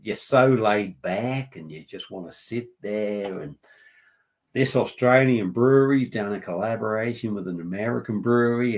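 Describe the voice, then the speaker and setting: A man's voice: fairly low pitch, moderate pace. A man hosting a casual beer-review livestream, joking and rambling with plenty of swearing.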